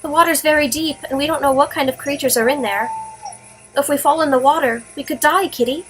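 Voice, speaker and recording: A woman's voice: high voice, brisk, fairly bright tone, voice pushed up, rough recording. A woman voicing a sincere young girl heroine in a video game. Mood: pleading.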